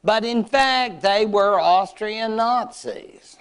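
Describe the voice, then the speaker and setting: A man's voice: sits high, slow, a bit bright, clear, resonant tone. A man giving a history lecture to adult learners, chatty and wry with playful asides.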